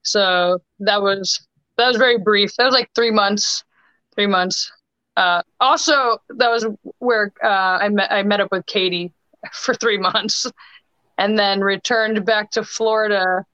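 Bright crisp-voiced young woman guest. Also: medium pitch, no room sound. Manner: chatty, quick bursts with many restarts and fillers. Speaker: podcast guest. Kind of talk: casual storytelling chat. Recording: dull lo-fi remote call audio.

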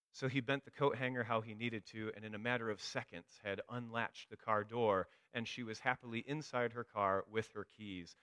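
A man's voice: mid-range voice, moderate pace, fairly bright tone, no room sound. A man giving a sermon, telling a story with dry humor. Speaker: preacher.

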